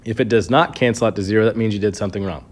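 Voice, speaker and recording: A man's voice: lowish voice, racing. Patient male chemistry teacher explaining. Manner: patient step-by-step explaining, frequent "okay". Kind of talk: recorded classroom review lesson.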